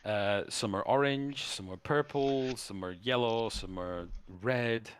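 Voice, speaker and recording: A man narrating a tabletop game as game master, halting and often restarting. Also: mid-range voice, clean tone, no echo.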